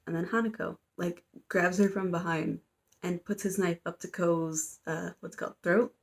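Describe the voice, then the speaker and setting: A woman's voice: lowish voice, fairly even intonation, moderate pace, creaky. A young woman, a student, casually recapping a story in a chatty, rambling way full of fillers and playful quotes. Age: young adult. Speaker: student vlogger.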